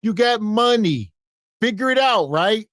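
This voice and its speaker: A man's voice: sits high, animated, a little slow, fairly bright tone, no echo, studio quality. A man co-hosting a podcast, commenting bluntly on a video in a casual, mocking way. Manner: blunt, mocking, quotes others. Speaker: podcast co-host.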